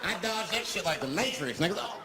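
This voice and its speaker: A male stand-up comedian telling a profane, conversational story, swinging between low mutters and sudden outbursts. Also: lively intonation, brisk. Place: live comedy venue. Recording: live stage mic, crowd noise. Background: audience laughter and noise.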